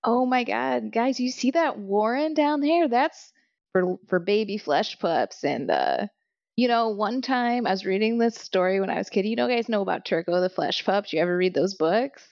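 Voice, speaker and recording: A woman's voice: medium pitch, lively intonation, moderate pace, gravelly, darkish tone. A woman as a teasing, chummy adventurer, lo-fi. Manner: chummy, teasing, dude-talk. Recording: dull lo-fi sound.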